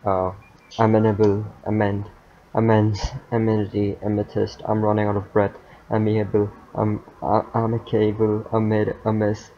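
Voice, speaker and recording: A man reading dictionary words aloud one after another, in a monotone, with stumbles, fillers and muttered asides. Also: lowish voice, measured pace. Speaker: youtuber. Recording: dull lo-fi mic with faint noise.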